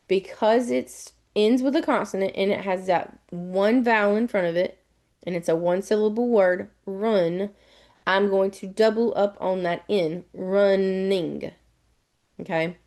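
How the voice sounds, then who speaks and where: A woman's voice: mid-range voice, a little mellow. A middle-aged woman teaching a live online lesson on spelling rules, explaining patiently and spelling words out letter by letter.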